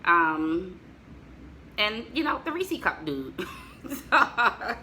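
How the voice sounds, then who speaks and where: A middle-aged woman from the United States talks in a loose, chatty way, throwing in jokes and asides to her viewers. Her voice sits a little low but sounds bright and forceful. A faint room noise hums underneath. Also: sing-song, takes it slowly, low-quality recording. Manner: chatty, joking asides to viewers, laughs often. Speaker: vlogger showing family photos. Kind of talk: casual chat to viewers.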